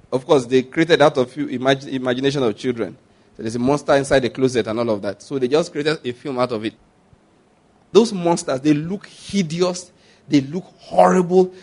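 A man's voice: fairly high pitch, darkish tone. A middle-aged Nigerian-accented man preaching a sermon as a pastor, telling stories with animation, acting out scenes and repeating his points.

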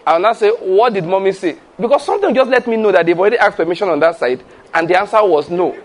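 A man's voice: sits high, animated, rapid-fire, slight background noise. A man preaching a sermon as a pastor, emphatic and full of rhetorical questions, breaking into laughter as he makes his points.

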